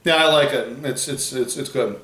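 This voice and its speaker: A man hosting a food tasting video, chatting casually while he explains facts read off the packaging. His voice sits at an ordinary middle pitch. The room around him is echoey. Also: moderate pace, fairly bright tone. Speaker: host of a food challenge channel. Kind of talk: casual chat.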